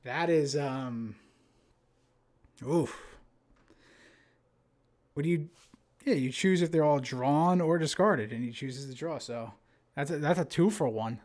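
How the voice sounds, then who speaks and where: A man's voice: fairly high pitch, slow pace, long pauses, darkish tone. Jersey guy casting a card game stream, loose and chatty, lots of ums and restarts. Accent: New Jersey. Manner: casual, chatty, with frequent fillers and restarts. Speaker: game commentator.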